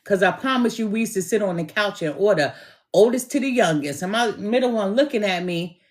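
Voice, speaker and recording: A woman tarot reader chatting casually with viewers on a live stream, slangy and quick to laugh. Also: mid-range voice, lively intonation.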